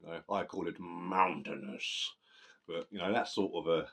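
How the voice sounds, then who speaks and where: A man's voice: low-pitched, normal speed, fairly bright tone. A man casually reviewing a death metal album, rambling and swearing, often correcting himself mid-sentence.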